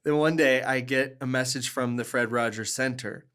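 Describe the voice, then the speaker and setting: A man telling stories as a podcast guest, animated and earnest, often laughing and restarting his sentences. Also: mid-range voice, normal speed, smooth. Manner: earnest, warm, with fillers and restarts. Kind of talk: conversational storytelling.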